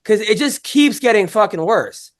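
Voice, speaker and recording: The speaker is a podcast host who curses constantly while he rambles through anecdotes, often starting over mid-thought. His voice is high-pitched with animated intonation, and he moves at an ordinary speed.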